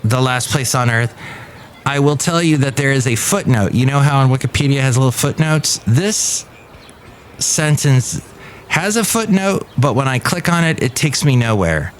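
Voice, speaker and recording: A man's voice: mid-range voice, animated, moderate pace, slight background noise. Rambling middle-aged man telling a story. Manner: rambling anecdotal delivery with restarts and acted quotes. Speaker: podcast host. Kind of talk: casual storytelling.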